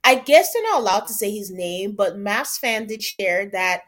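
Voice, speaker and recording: A woman's voice: medium pitch, animated, moderate pace, fairly bright tone. A woman co-hosting a podcast, chatting casually and animatedly about a reality show and quoting the cast in playful voices. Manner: chatty, quotes people in put-on voices. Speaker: podcast co-host. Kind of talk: casual recap chat.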